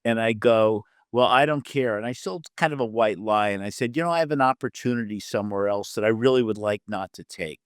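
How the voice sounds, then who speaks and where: A man's voice: fairly low pitch, a little fast, few pauses, clear, resonant tone, no echo, studio quality. An older man, a literary agent and producer, telling career anecdotes as an interview guest, acting out the dialogue of the people in his stories. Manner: lively storyteller who acts out quoted dialogue; loose, with fillers and restarts mid-thought.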